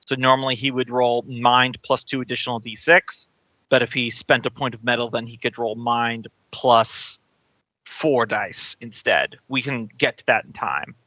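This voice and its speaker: A man's voice: mid-range voice, fairly even intonation, normal speed, sharp tone, no room sound, dull audio. A man running an online tabletop game as game master, patiently explaining the rules with frequent restarts.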